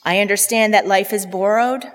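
A woman's voice: mid-range voice, steady tone, fairly quick, in a large hall. A woman in her fifties from Newfoundland giving a eulogy for her father, telling heartfelt stories with fond asides. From Newfoundland, Canada. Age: 50s. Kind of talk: funeral eulogy. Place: funeral hall.

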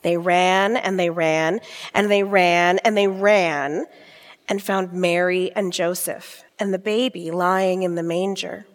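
A woman reading a nativity story aloud in a church, gentle and repetitive in her storytelling. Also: fairly low pitch, steady tone, takes it slowly. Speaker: scripture storyteller. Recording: long church-hall reverb.

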